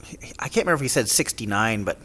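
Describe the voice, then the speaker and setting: A man hosting a casual chat, making quick joking asides. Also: fairly low pitch, lively intonation, fairly bright tone, husky.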